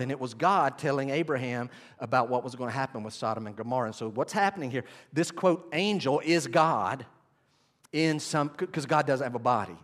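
A male pastor preaching a sermon, with emphatic swings in pitch and loudness. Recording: long hall reverb.

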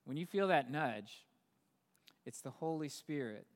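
A man's voice: on the high side, expressive, a little slow. A man preaching a sermon as pastor, talking conversationally and building to emphatic peaks. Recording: long hall reverb.

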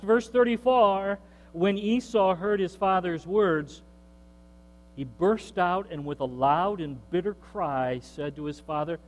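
A man preaching from the pulpit with a high-pitched voice, dramatizing scripture and slipping into casual voices for the characters. His words ring out with a long hall reverb, and a faint mains hum sits underneath. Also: expressive, unhurried, long pauses. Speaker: pastor. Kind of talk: sermon.

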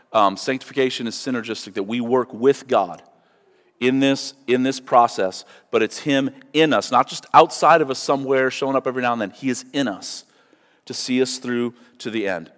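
A man's voice: medium pitch, fairly bright tone. Male pastor, sermon, earnest, punches key words, long reverb tail from a church hall. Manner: earnest, emphatic on scripture, asks the room "okay?".

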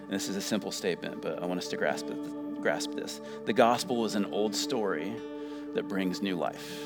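Low-voiced preacher, emphatic. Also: male voice, moderate pace, loud music behind the voice. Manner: emphatic, call-and-response questions to the congregation. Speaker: pastor. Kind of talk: sermon.

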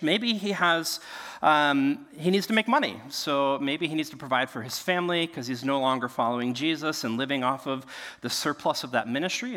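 A male pastor preaching in a large echoing hall, with a bright and forceful voice. His pitch rises and falls a lot as he tells the story with energy. He acts out the voices of the people in it. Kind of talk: sermon. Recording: long reverb of a large hall.

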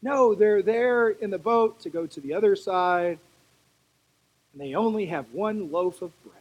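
Brief: preacher, husky tone, chatty sermon delivery with asides. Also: mid-range voice, measured pace, muffled recording. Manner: conversational, animated storytelling with asides.

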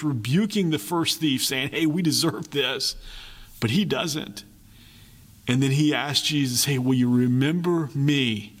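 A man preaching a sermon as a pastor, earnest, repeating phrases and shifting between quick and slow delivery. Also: on the high side, a bit bright, long reverb tail.

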